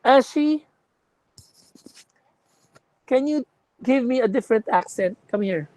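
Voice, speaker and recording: A woman's voice: fairly high pitch, lively intonation, slow pace, darkish tone, no echo, low-quality recording. A woman lecturing a class on contact lenses, explaining with examples and checking that students follow.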